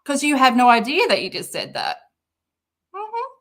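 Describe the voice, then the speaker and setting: A woman's voice: sits high, wildly swooping pitch, normal speed, a bit bright. An Australian woman hosting a commentary channel, reacting to a clip in a sarcastic, mocking way and swearing often.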